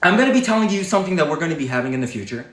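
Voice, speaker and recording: Brief: man with a high, fiery voice, preachy livestream monologue, heavy swearing, echoey room. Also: animated, racing, fairly bright tone. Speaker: livestream host.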